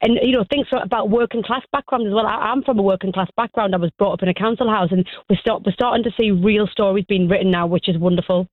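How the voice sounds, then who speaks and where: A woman's voice: medium pitch, fast talker, hardly any pauses, dry recording, phone-quality sound. A woman, an actress chatting in a radio interview, enthusiastic and gushing, often stumbling over repeated words as she starts a sentence. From North of England. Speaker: actress guest.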